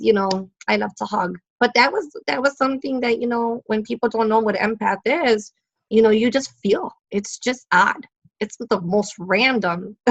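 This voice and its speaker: A woman's voice: mid-range voice, dull audio. A woman guest talking as a psychic medium in a casual interview, telling stories animatedly and laughing often.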